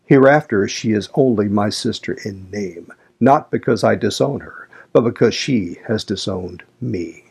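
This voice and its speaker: Upset stern gentleman, clipped and cold, low husky voice, reader doing him. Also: a little slow, heavily acted. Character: agitated gentleman master of the house, stern, grieving.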